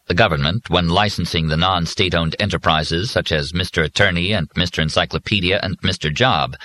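A man narrating an audiobook in a measured, even storytelling manner. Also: low-pitched, slight background noise. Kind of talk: scripted narration.

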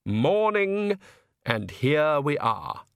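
A man voicing a pompous, cheerful vampire count who speaks slowly and genteelly, in an audiobook reading. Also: a little high, sing-song, creaky, a bit bright, clear, resonant tone, dry recording, clean studio sound, heavily acted. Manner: slow, genteel, self-satisfied.

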